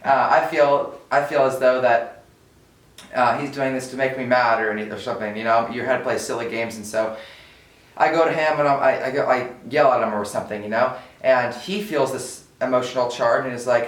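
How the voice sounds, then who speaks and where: A man's voice: medium pitch, fairly even intonation, a little fast. A young man co-hosting a casual motivational talk, earnest and breaking into laughs between points. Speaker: co-host. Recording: roomy sound from a distant mic.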